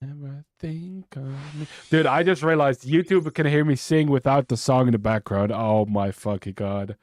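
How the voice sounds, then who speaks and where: A man's voice: medium pitch, fairly even intonation, moderate pace, darkish tone, no echo. A young man streaming a game, chatting casually with a stuffy nose, rambling and swearing often. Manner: rambling, swears a lot, restarts sentences. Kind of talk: casual live-stream chat.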